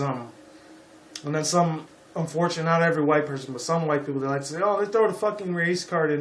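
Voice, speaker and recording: Slightly high and fairly bright, the voice belongs to a Las Vegas, Nevada YouTuber in his twenties who rambles and curses through an opinion rant on his vlog, leaning heavily on "you know." There's a roomy sound and a bit of background noise.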